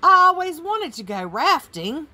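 A woman reading aloud, voicing an eager young boy who exclaims his lines in a raised, higher voice. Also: big pitch swings, unhurried, fairly bright tone, slightly rough, full character voice. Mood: thrilled.

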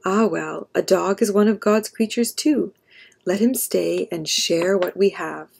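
A woman's voice: on the low side, unhurried, gravelly, a little mellow, husky, full character voice. A woman voicing a patient, bearded old father in a storybook, speaking kindly and sagely. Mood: warm, sage. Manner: sage, kindly.

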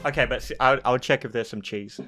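A young man giving excitable live gameplay commentary, laughing often and shouting at big moments. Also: mid-range voice, fairly quick, faint music behind. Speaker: gaming YouTuber.

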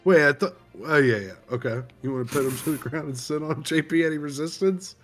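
A man's voice: on the high side, quick pace, soft background music. A young man narrating as game master of a tabletop game, often laughing as he goes.

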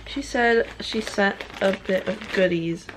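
A young woman vlogging as she unboxes gifts, gushing and excitable, full of "oh my god" and "like". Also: mid-range voice, a little slow. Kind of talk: casual unboxing vlog. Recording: clear background noise.

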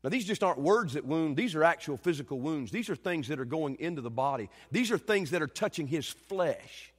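High-pitched preacher in a reverberant hall. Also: male voice, expressive, a little fast, breathy edge. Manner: dramatic storytelling preacher, shouting acted quotes then dropping low and quiet. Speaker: pastor. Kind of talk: sermon. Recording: long reverb of a church hall.

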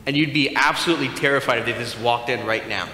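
A man preaching a sermon as pastor, animated and playful, acting out bits of dialogue. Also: medium pitch, fast, slight background noise. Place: church sanctuary. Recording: echoey hall with faint room ambience.

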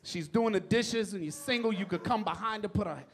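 A man doing a stand-up routine in a comedy club, loud and profane, telling stories in an exasperated way. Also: sits high, fairly quick. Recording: live club with crowd laughter. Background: audience laughing.

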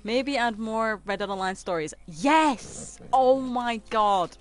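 A woman's voice: a little high, expressive, takes it slowly, a little hiss or hum. A woman, chatting casually with viewers on a game stream and laughing easily. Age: 20s. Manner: chatty and giggly, reading out and answering chat.

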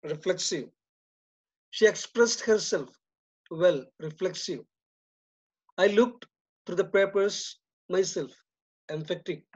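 Man, Indian English accent, slow deliberate grammar lesson, quieter answers, muffled lo-fi recording. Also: high voice, slightly rough. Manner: reads each sentence, then drops in level for the answer. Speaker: teacher. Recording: dull lo-fi recording.

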